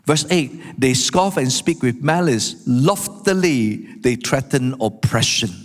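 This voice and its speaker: A man preaching a sermon, animated, acting out the quotes he tells. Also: a little high, measured pace. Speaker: pastor. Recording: long hall reverb.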